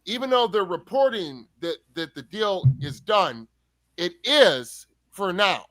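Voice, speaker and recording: A man's voice: high-pitched, big pitch swings, slow, a bit bright, no echo. A man co-hosting a livestream chat, exasperated and openly swearing, calling people bro. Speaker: co-host. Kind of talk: heated casual chat.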